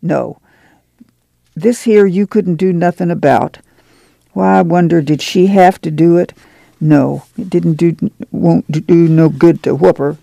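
A man's voice: on the high side, measured pace, gravelly, dry recording. Man doing a stern mother, raised voice. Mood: firm. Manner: firm, hushed and protective. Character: weary, stern rural mother of a migrant family. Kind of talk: audiobook character voice.

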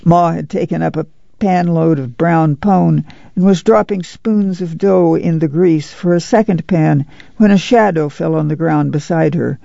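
Gravelly man reading a novel aloud. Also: a little high, fairly even intonation, measured pace, mellow, no room sound, muffled recording. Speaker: audiobook narrator. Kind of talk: scripted literary narration.

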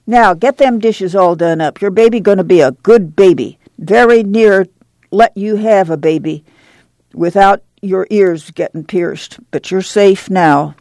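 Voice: medium pitch, measured pace, darkish tone, no room sound, lightly acted. A reader voicing a firm, plain-spoken older mother who reassures with rural speech.

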